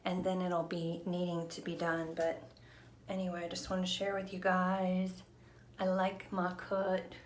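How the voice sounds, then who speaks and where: A middle-aged woman vlogging at home on a handheld phone, talking in a hushed, partly whispered ramble full of fillers. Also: lowish voice, monotone, a little slow, echoey room, a little hiss or hum. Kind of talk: casual chat to camera. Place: home, indoors. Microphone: handheld phone camera.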